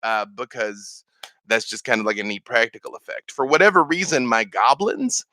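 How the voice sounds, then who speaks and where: A man's voice: mid-range voice, moderate pace, bright, forceful tone, dry recording. A man answering viewer questions on a casual live stream, rambling with many fillers and restarts. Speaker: streamer and game master.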